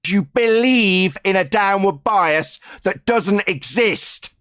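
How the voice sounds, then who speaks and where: A man with a very high voice argues in a heated online debate. He hurls insults and repeats his jeers. The sound is dry and close. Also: slow pace, hardly any pauses, fairly bright tone, dry recording.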